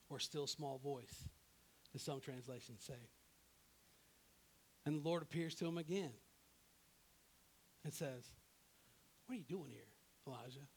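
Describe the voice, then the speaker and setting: A pastor preaching a sermon in a casual, conversational way, acting out the people in his story and checking in with "right?". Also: fairly high pitch. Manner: animated, acts out characters in his own voice; conversational, often asks "right?".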